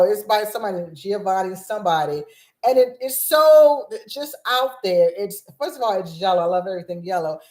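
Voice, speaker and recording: Woman, 50s, from Los Angeles, chatty vlog host, gushing and scattered, medium pitch, roomy echo. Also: darkish tone. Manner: bubbly, scattered, restarts often. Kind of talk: excited rambling livestream chat.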